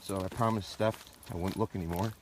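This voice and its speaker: A man's voice: deep voice, fairly even intonation, a little fast. A man streaming live from a farm as a dog trainer, chatting to viewers and giving his dogs short firm commands. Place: outdoors on a rural farm. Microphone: phone or camera on a tripod. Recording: noisy outdoor livestream.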